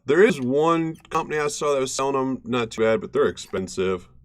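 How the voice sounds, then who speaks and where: A young man hosts a gold-panning livestream, chatting casually with viewers and his cat and laughing often in a laid-back, talkative way. His voice is medium-pitched and a little fast, with background noise behind it.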